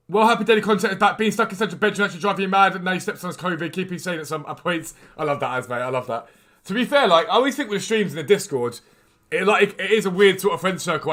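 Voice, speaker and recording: A man hosting a live game stream, chatting casually and quickly answering viewers' questions from chat. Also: high-pitched, fairly bright tone.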